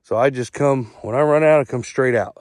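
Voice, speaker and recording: Strolling a cornfield outside, this middle-aged Eastern Shore farmer vlogs casually, laying things out in plain terms and going over points more than once. He speaks fairly quickly at a medium pitch with a slightly mellow tone, and the studio-quality audio has no room sound.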